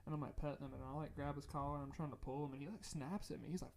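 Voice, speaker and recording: A young man from North Carolina, co-hosting a podcast and telling a rambling, animated ghost story with lots of restarts. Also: a little high, very fast, vocal fry, slight background noise. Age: young adult. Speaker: podcast co-host. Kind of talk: casual chat, storytelling.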